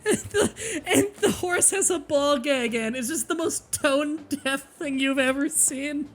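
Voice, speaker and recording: A woman streamer joking loudly and crudely while commenting on a game she is playing. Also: sits high, a little slow, faint music behind. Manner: loud, crude, laughing banter. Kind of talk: casual gameplay commentary.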